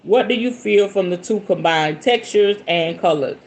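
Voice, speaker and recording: A woman's voice: medium pitch, normal speed, a little hiss or hum. A woman hosting a podcast, reading a book aloud and breaking off into playful, casual commentary. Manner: animated, playful asides between read passages. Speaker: podcast host.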